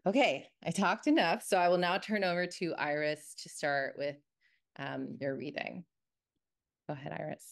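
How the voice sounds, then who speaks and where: A woman host introduces the next speaker in a formal, read-out manner. Her voice sits very low for a woman. She speaks over a video call. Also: steady tone, moderate pace, vocal fry.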